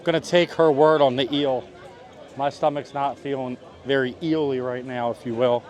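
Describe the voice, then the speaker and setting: A man's voice: medium pitch, fairly even intonation, moderate pace. Young guy vlogging festival food outside, mid voice, dramatic and jokey about being heartbroken. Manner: dramatic, playful complaining. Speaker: vlog host. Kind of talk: casual food review vlog. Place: outdoors at a theme park festival.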